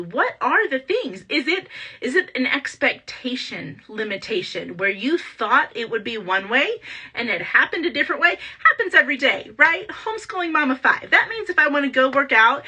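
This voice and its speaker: A woman hosting a motivational talk, energetic and full of rhetorical questions. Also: high-pitched, husky. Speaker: podcast host and entrepreneur coach.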